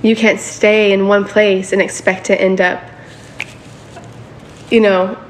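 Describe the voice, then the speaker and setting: A woman's voice: medium pitch, flat delivery, slow, a little hiss or hum. A woman preaching a sermon in a casual, conversational way, often checking in with her listeners for agreement.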